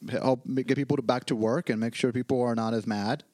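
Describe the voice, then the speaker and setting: A man co-hosts a casual podcast and jumps in with quick jokes and profane asides. He talks fast, and the sound is dry and close. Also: medium pitch, steady tone, dark tone, no echo. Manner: quick joking interjections, profane. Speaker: podcast co-host.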